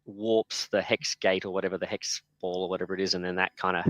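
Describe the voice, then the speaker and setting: A man's voice: low-pitched, little pitch movement, quick pace, fairly bright tone, dry recording. A man hosting a casual chat, rambling with many fillers and restarts. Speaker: podcast host.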